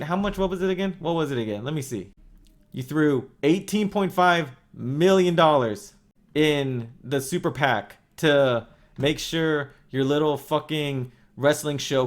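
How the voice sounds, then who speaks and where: A man delivering an angry, profanity-filled rant as a vlogger, cursing constantly and mocking his target with sarcastic quotes. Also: mid-range voice. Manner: heated, sweary, sarcastic mock quotes. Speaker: wrestling vlogger.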